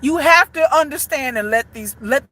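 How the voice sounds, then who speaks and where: A woman's voice: high voice, animated, normal speed, sharp tone, no room sound. A woman content creator giving a blunt, profane, emphatic rant as commentary to her channel. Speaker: boy band fan content creator. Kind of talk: ranting commentary.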